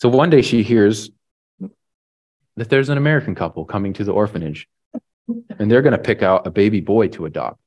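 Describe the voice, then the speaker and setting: A man's voice: on the low side, fairly quick, pauses often, darkish tone, highs cut off. A man preaching a sermon, retelling a story in a casual way with lots of "like" and "right?". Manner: casual, filler-heavy retelling with frequent "like" and "right?".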